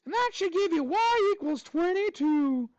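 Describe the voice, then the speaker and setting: A man teaching a math class while voicing a cheerful, squeaky male cartoon mouse in a bouncy falsetto. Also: animated, moderate pace, a little mellow, no room sound, highs cut off. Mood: cheery.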